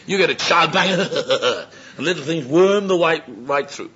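A man's voice: a little high, fairly quick, slightly rough. A man preaching a sermon, telling stories and acting out the voices of the people in them. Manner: lively, acts out quoted voices. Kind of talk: sermon with storytelling. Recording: dull lo-fi sound with faint noise.

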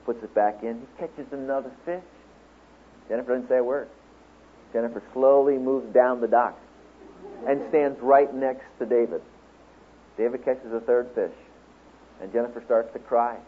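A man speaking at a Bible teaching seminar, telling a story and then lecturing to a class in an animated way, acting out the quotes. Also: medium pitch, normal speed, long pauses, a little hiss or hum. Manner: animated storyteller, acts out quotes, laughs along. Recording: tinny phone-like lo-fi recording.

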